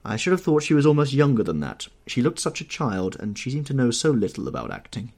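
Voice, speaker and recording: A man voicing a worldly, cynical aristocratic English gentleman in an audiobook reading, with a husky tone and an urbane, offhand manner. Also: medium pitch, very animated, fast talker.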